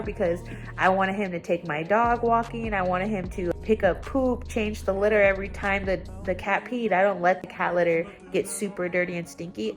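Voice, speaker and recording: A young woman talking at home in a casual confessional vlog, candid and rambling, her voice jumping up when she gets excited. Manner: candid and rambling, with sudden excited jumps in pitch. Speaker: vlogger. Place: at home, indoors.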